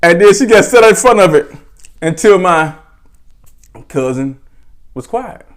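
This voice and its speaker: A man from Mississippi telling a family story casually, animated and full of "right?" asides. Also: high-pitched, a little slow. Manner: animated, dialect-rich, chuckling asides with frequent "right?". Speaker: storyteller host.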